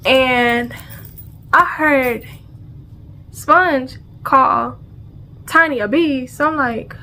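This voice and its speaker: A woman's voice: high voice, extremely slow. A woman telling a storytime vlog in casual slang, acting out the sounds and dialogue as she goes. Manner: animated, acts out sounds and dialogue; casual slang, repeats phrases. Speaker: vlogger.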